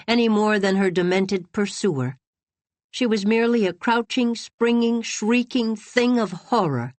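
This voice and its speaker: A woman reading a classic novel aloud with dramatic, expressive narration. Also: fairly low pitch, no room sound. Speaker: audiobook narrator. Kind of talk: scripted narration.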